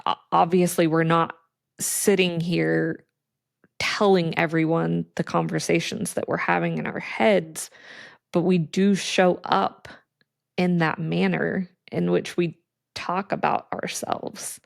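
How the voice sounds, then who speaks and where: A woman co-hosting a podcast, talking in a slow, thoughtful, reflective way in casual chat. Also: fairly low pitch, little pitch movement, gravelly, no room sound, clean studio sound. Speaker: podcast co-host.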